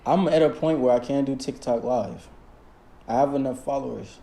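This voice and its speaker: A man's voice: medium pitch, moderate pace, creaky, mellow, a little hiss or hum. A young man hosting a casual interview, laid-back and swearing freely. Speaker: podcast host.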